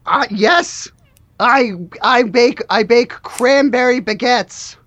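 A woman's voice: on the high side, takes it slowly, fairly bright tone, no room sound, voice pushed up. A woman voicing an overworked, lovesick shop worker who sold their soul, in a drawling slacker impression during an improvised tabletop game. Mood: laid-back. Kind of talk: improvised tabletop role-play.

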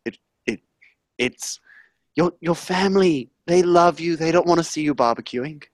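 A man putting on a hushed, earnest celebrity chef who pleads in a low, halting murmur. The sound is dry and close, with no room around it. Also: no echo, natural voice. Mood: pleading.

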